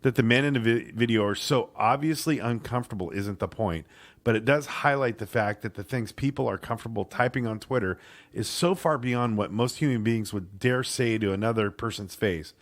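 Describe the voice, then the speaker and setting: A man co-hosting a casual sports podcast, swearing freely and stumbling over words as he reads an article aloud. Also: fairly low pitch. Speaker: podcast co-host.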